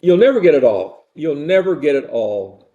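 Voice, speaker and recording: A man's voice: on the high side, very animated, normal speed, mellow, dull audio. An older man giving a rambling, conversational university lecture and repeating his phrases.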